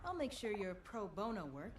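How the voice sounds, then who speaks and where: A wry female mentor from a video game, speaking at a mid pitch. The voice is dry, with no room sound. It comes through faint and distant. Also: very animated, moderate pace, no room sound. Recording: quiet distant game audio.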